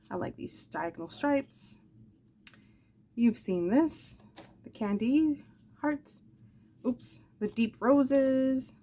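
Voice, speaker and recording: A woman in her forties with a dark, medium-pitched voice hosts a craft channel. She casually and lovingly presents her craft supplies, wandering off into rambling asides along the way.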